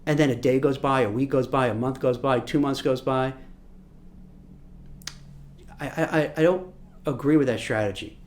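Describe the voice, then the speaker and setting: A man's voice: medium pitch, normal speed, pauses often. A man who works as a recruiter, giving casual career advice and acting out imagined conversations. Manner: animated, acts out imagined dialogue.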